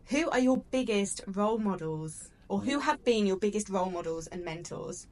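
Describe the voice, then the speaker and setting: A woman's voice: medium pitch, lively intonation, moderate pace, a little mellow. A woman hosting a casual podcast interview, friendly and agreeable. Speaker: podcast host.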